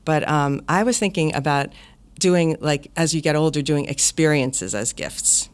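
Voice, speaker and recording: A woman's voice: low-pitched, unhurried, clear, resonant tone. A middle-aged woman co-hosting a casual family podcast, chatty and laughing often as she tells stories. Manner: laughs often, animated storyteller. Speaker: podcast co-host, mother.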